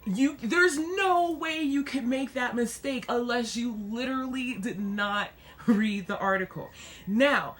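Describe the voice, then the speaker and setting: A young woman talking casually to camera in a vlog, animated and excitable, often laughing and jumping up high, with a self-deprecating, dark sense of humor. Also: a little slow. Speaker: vlogger.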